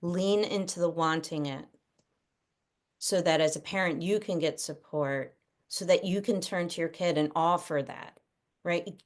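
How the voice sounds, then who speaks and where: A middle-aged woman speaking as a parenting expert on a video call, chatting in a lively way and acting out the voices of parents and children. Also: fairly low pitch. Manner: animated, acts out kids' and parents' voices. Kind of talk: casual talk over video call.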